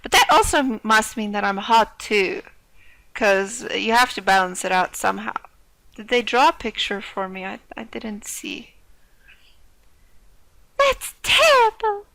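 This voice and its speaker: A woman's voice: medium pitch, normal speed, vocal fry, a bit bright, a little hiss or hum, low-quality recording. A young woman playing a visual novel, reading the text aloud with playful, wry asides. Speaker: let's play streamer.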